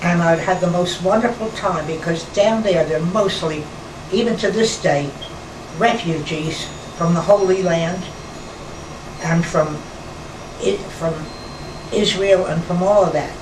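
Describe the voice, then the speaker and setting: A woman in her nineties from New York, reminiscing slowly in a rambling conversation with pauses and restarts. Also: on the low side. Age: 90s. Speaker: interviewee, former nightclub performer. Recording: roomy, distant mic, air-conditioner hum.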